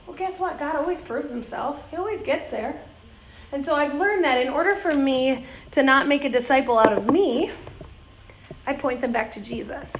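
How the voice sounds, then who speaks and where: A woman with a high-sitting voice gives a church audience a lively talk about children's ministry at a moderate pace, telling anecdotes, laughing often, and acting out the voices of people she quotes. The hall sounds roomy and echoey, with slight background noise.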